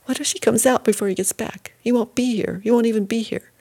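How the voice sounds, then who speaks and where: A woman's voice: fairly low pitch, moderate pace, darkish tone, dry recording. A woman voicing a young woman in labor, speaking desperately. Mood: panicked.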